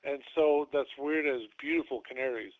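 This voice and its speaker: A man's voice: mid-range voice, moderate pace. Tinny-sounding man rambling through a story. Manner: rambling retelling, acting out quotes. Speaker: podcast host. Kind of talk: casual storytelling.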